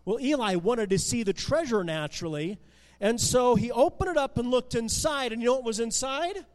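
A man with a very high voice tells a Bible story to children, animated and conversational, often restarting his words. His voice carries a long reverb, as in a large hall. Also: normal speed.

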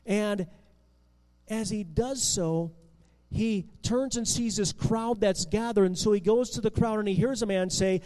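A man telling a Bible story dramatically, expressive and full of restarts and swings in loudness. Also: high voice, measured pace, in a large hall, poor audio.

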